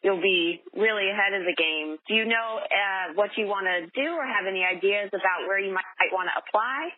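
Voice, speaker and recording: A woman hosting an interview who sounds encouraging and supportive as she asks her guests about their plans. Her voice sits at an ordinary middle pitch for a woman. It comes through a narrow, tinny line that sounds like a telephone. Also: brisk, a little hiss or hum. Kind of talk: interview questions.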